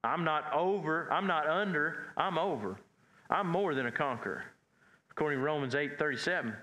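A man delivers a sermon in a folksy, plainspoken way, repeating and restarting his phrases as he builds. His voice sits a little high and rings bright and forceful. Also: normal speed. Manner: folksy, repetitive, builds in pitch and force as he preaches. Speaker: pastor.

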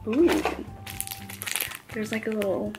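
Young woman vlogger, unhurried delivery, excitable and squealy over cute things, music bed underneath. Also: a little high. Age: young adult. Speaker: unboxing vlogger. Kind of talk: casual unboxing chat. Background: background music.

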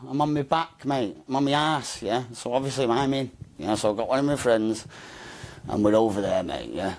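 A man's voice: medium pitch, fairly quick, a little mellow. Rambling man telling his story. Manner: rambling, slangy, repeats "mate" and "do you know what I mean". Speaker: interview guest. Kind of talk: casual storytelling interview.

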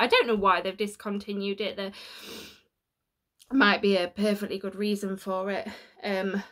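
A woman's voice: mid-range voice, little pitch movement, moderate pace, fairly bright tone. A woman chatting through a home unboxing vlog, emotional and tearful, laughing at herself. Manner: chatty, self-deprecating, emotional. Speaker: YouTuber. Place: home room.

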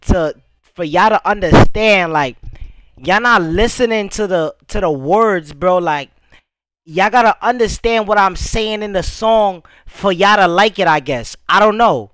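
A young man in a loose reaction stream, talking over his own music video in a rambling, profane way, circling back with fillers. His voice sits fairly high for a man. The sound is dry and close, with little room around it. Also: measured pace, a bit bright, no echo, low-quality recording. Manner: rambling, repeats fillers like "bro" and "you feel me", swears freely.

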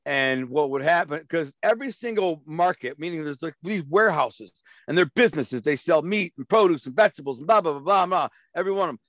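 A man's voice: on the high side, animated, fairly quick, hardly any pauses, a bit bright, no room sound, clean studio sound. Streetwise man telling rambling stories. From Detroit. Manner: rambling, repeats words, acts out quoted voices; streetwise and blunt. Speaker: interview guest. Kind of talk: storytelling in a casual interview.

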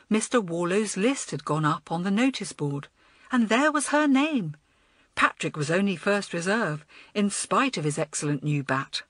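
Animated woman reading a children's audiobook. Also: medium pitch, slightly rough, no room sound. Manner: expressive, animated storytelling. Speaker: audiobook narrator. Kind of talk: scripted storybook narration.

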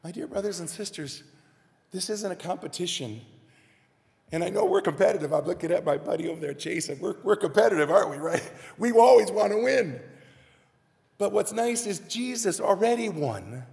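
A man's voice: sits high, animated, normal speed, gravelly, a little mellow. A man preaching a sermon as minister, speaking earnestly and addressing the congregation directly, recorded in a church sanctuary. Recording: reverberant church live stream.

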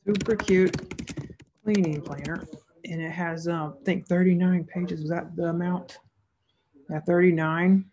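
A woman's voice: fairly low pitch, steady tone, measured pace, pauses often, mellow, highs cut off, slight background noise. A woman narrating a screen-recorded tutorial as an online seller, casual and thinking aloud as she clicks through each step.

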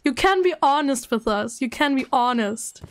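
A woman's voice: sits high, animated, moderate pace. A woman streamer chatting live with her viewers, playful and dramatic, who breaks into giggles often.

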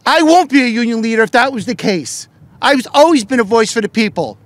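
A middle-aged man, a politician and union leader, giving an impassioned speech at a press event, shouting with fervor and firing off rhetorical questions. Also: very high voice, expressive, brisk, no room sound.

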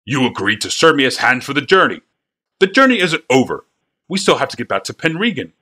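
A man's voice: medium pitch, very animated, fairly quick, sharp tone, pitched above the performer's own voice. A man voicing a burly, blustering wagon master who bellows and sputters in rage. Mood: furious.

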